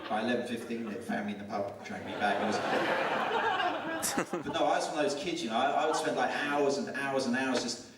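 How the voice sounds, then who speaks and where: A man from England doing a stand-up routine on a comedy club stage, telling deadpan one-liners. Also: medium pitch, a little fast. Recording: roomy distant live club recording with loud crowd noise.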